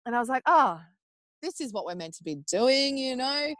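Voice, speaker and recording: An Australian woman in her thirties, a podcast guest telling a personal story in a casual, animated way, acting out what people said. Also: high-pitched, normal speed, no room sound. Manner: animated, acts out quoted speech in raised voices; chatty with frequent fillers like "like" and "um".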